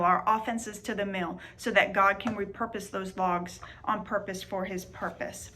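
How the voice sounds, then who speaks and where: A woman's voice: medium pitch, fairly even intonation, normal speed, few pauses, bright, forceful tone. A woman author reading from her memoir and then teaching a Bible study, speaking earnestly and repeating phrases for emphasis.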